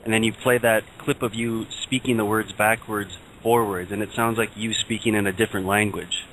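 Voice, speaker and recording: Low young male voice, relaxed hesitant regular, faint noise. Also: brisk, poor audio. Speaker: show regular. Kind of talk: casual chat.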